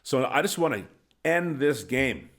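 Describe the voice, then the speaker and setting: A middle-aged former hockey coach telling a lively anecdote as a guest on a podcast, laughing at his own story and acting out what people said, into a studio microphone. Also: mid-range voice, a little slow. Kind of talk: animated storytelling.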